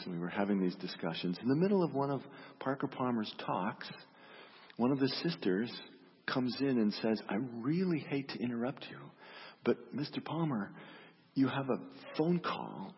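A man's voice: medium pitch, normal speed, breathy edge, long reverb tail, muffled recording. A man preaching a sermon in a reflective, storytelling way, often repeating his questions. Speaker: pastor.

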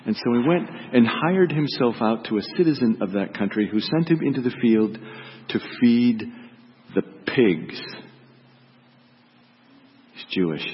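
A man's voice: medium pitch, animated, unhurried, pauses often, in a large hall, highs cut off. A man reading a gospel story aloud as a priest and then preaching on it, voicing its characters dramatically.

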